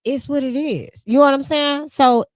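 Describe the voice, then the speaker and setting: Animated woman podcast host, dry close sound. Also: sits high, normal speed, dry recording. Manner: animated, emphatic, laughs often, speaks in vernacular. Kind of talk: casual conversational chat.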